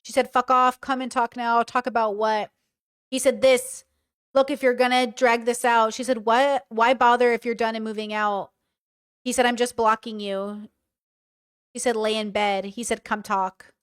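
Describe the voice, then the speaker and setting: Woman commentator, high-set voice, smooth and clear, sarcastic and incredulous as she reads texts aloud. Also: level tone, moderate pace. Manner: sarcastic, incredulous, swears freely. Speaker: commentary host.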